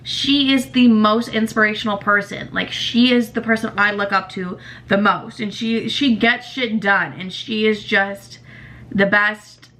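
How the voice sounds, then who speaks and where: Blunt, bright-voiced young woman. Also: mid-range voice, steady tone, unhurried. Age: young adult. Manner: blunt and emotional, swears freely. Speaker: podcast host. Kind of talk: candid personal monologue.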